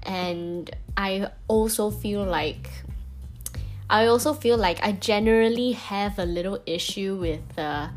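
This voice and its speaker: A woman's voice: mid-range voice, takes it slowly, soft background music. A young woman with a Singaporean accent, chatting candidly into her phone for a vlog, with lots of fillers and self-corrections. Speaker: vlogger. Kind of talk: casual personal monologue.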